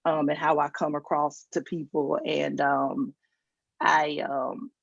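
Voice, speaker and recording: A woman's voice: low-pitched, little pitch movement, takes it slowly, gravelly, husky, no room sound. A woman from Georgia with a Southern accent, doing a virtual stand-up set, telling stories with acted-out quotes and self-mocking asides over a video call. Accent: Southern American. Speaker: stand-up comedian. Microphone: video call mic. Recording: dull lo-fi video call audio.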